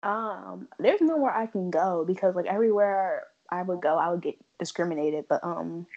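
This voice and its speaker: A woman's voice: lowish voice, normal speed, a little mellow, lo-fi sound. A young American woman on a casual podcast, blunt, opinionated and laid-back. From United States. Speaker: podcast co-host.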